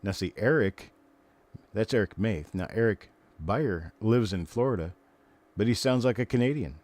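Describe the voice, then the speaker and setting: Low, mellow-voiced older man. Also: animated, normal speed. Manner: rambling, chatty, greets and answers viewers. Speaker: live stream host. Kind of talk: casual live stream chat.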